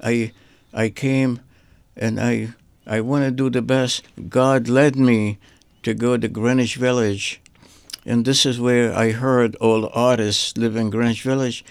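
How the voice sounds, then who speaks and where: An older man speaks with a gravelly, rough edge and a flat, even delivery. He recalls his life in a halting, meandering way, often repeating a word before moving on. The recording is dry and close. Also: mid-range voice, no room sound. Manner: halting, repeats words while searching for them. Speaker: artist guest. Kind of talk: rambling personal reminiscence.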